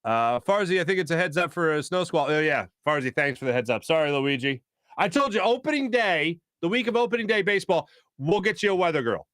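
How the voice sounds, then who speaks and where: A man's voice: fairly high pitch, lively intonation, a little fast, fairly bright tone, no room sound. Philly sports host guy chatting with the chat, jokey, hums little tunes, dry mic. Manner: chatty, jokey, hums filler tunes and tries celebrity impressions. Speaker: sports talk show host. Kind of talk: casual live-stream chat reading viewer comments.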